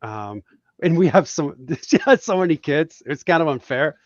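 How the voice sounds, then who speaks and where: A man's voice: fairly high pitch, lively intonation, normal speed, no echo, lo-fi sound. A man from Puerto Rico, a guest cartoonist, telling reflective, heartfelt stories in a casual podcast chat.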